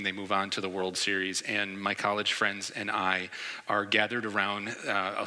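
A man in his forties from New York delivers a sermon as a vivid anecdote, mimicking the people in his story. His voice is strikingly bright and cutting. It rings out with a long reverb, as in a large sanctuary. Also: on the low side. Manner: lively storyteller, acts out quoted reactions. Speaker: pastor.

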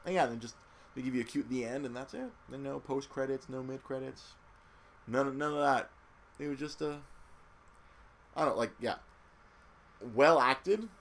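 A man's voice: mid-range voice, moderate pace, pauses often, a bit bright. A man in casual chat recapping a movie, swearing freely and acting out quotes in silly voices.

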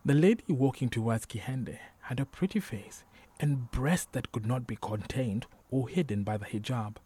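Husky man with measured storytelling narration. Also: medium pitch, warm tone. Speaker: audiobook narrator. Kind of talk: scripted narration.

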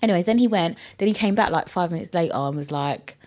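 A young woman telling stories casually on a podcast, animated and full of "like" and swearing. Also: fast. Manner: chatty, animated, frequent "like" and swearing; acts out quoted people in high squeaky voices. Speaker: podcast host. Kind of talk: casual storytelling chat.

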